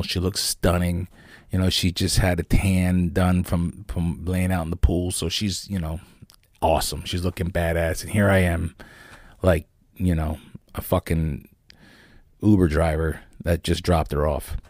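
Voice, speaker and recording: Deep-voiced man telling a rambling story. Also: no echo, clean studio sound. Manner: rambling, animated, profane. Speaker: podcast host. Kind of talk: casual storytelling.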